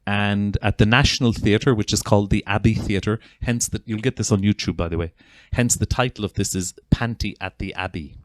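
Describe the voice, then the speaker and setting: A man with an Irish accent speaks earnestly and from the heart, addressing an audience in an informal talk. His voice sits fairly low, and he often restarts his phrases. The sound is close and dry, with no room echo. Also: steady tone, a little fast, hardly any pauses. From Ireland. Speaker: gestalt psychotherapist giving a talk.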